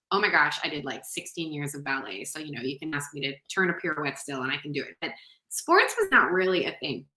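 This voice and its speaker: A woman's voice: lowish voice, bright, forceful tone, echoey room, poor audio. A woman hosting a podcast in casual chat, talking loosely with lots of "like" and "you know". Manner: chatty, heavy use of "like" and "you know". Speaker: podcast host.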